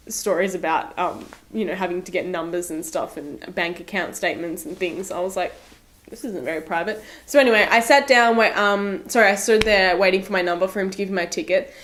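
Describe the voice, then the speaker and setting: A woman's voice: fairly low pitch, a little hiss or hum. Young adult woman, Australian accent, casual vlog storytelling, chatty, self-deprecating. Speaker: vlogger.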